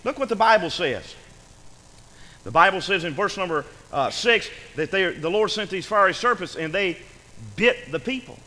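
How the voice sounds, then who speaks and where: Animated folksy preacher in a reverberant hall. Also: male voice, high voice, moderate pace. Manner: folksy, animated, with frequent amens and asides. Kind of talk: sermon.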